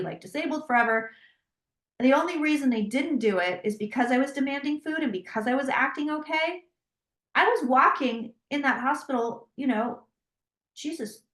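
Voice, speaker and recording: In an echoey room, a psychic tarot reader appearing as a guest in a casual interview recounts a story. Her voice is high, her delivery animated, and she quotes herself in dialogue as she goes.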